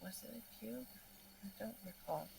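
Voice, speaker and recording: A tabletop game player answering slowly and hesitantly in casual chat. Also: mid-range voice, creaky, a little mellow, far from the mic.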